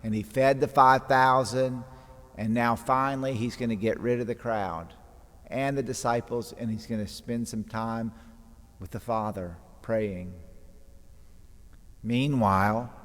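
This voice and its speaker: In a church with long, echoing reverb, a man preaching as a priest recounts the gospel with dramatic flair, voicing the scripture quotes himself. He speaks at a medium pitch in a steady, unhurried tone.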